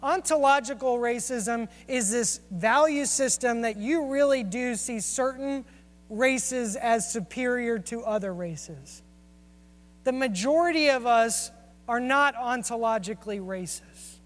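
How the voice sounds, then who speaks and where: A man's voice: extremely high pitch, unhurried, fairly bright tone. A man preaching a sermon and telling personal stories in an earnest, confessional way. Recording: long hall reverb.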